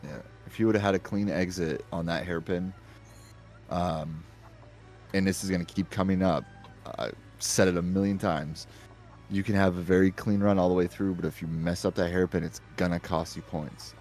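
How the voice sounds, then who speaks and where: A deep-voiced man judges sim drift runs over a voice chat, emphatic and given to jokes. Faint game music plays behind him. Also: fairly even intonation, moderate pace, a little mellow. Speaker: co-host and race official. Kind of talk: live sim-racing drift commentary.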